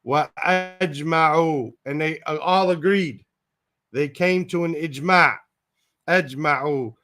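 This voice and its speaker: A man leads a word-by-word Quran translation lesson at an unhurried pace. His voice sits a little high, and he repeats each Arabic term before glossing it in English. He muses aloud in tentative asides. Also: pushed and bright.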